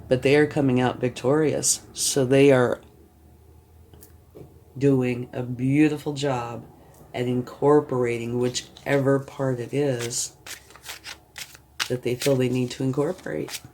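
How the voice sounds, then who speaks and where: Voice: mid-range voice, level tone, slow, pauses often, a little mellow, slight background noise. A tarot reader giving a reading to the viewer, reassuring and often checking in, thinking aloud while turning cards.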